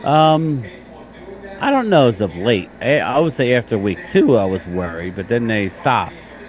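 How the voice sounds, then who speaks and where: A man's voice: medium pitch, very animated, measured pace. A man hosting a live sports reaction stream, tired and chatting casually, joking and reading viewer comments aloud.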